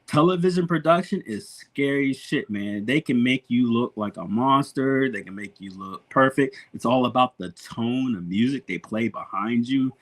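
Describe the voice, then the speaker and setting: A man hosting a podcast, telling a story in a casual, animated way, laughing often and swearing freely. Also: medium pitch, normal speed, hardly any pauses. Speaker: podcast host.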